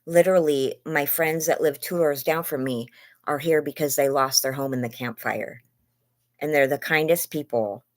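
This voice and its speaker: Lying in bed at home, a woman hosts a casual phone livestream, her low voice moving at a moderate pace as she rambles and warmly greets viewers by name. Her voice grows worn as she admits she's losing it, and her lungs hurt.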